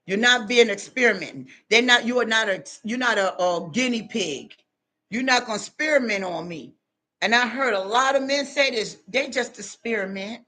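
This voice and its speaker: A woman, giving a loud, animated motivational talk to her viewers and laughing often. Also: on the high side, moderate pace. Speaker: online talk host.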